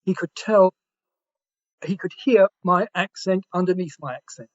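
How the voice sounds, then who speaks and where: High-voiced southern English man, lo-fi. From Essex, England. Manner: measured storytelling, occasional throat clearing. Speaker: panelist. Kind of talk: anecdotal panel reflection. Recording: dull lo-fi audio.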